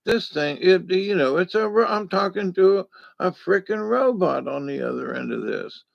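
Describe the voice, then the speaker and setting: A man's voice: sits high, expressive, moderate pace, creaky, no room sound, dull audio. A man talking in a casual, rambling monologue, folksy and digressive, with lots of fillers. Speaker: vlogger.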